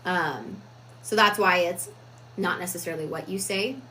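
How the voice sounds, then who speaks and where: Woman, self-help vlogger, bright crisp tone, lowish voice, reflective and unhurried. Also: a little hiss or hum, rough recording. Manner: reflective, deliberate, with frequent fillers. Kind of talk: casual talk on personal growth.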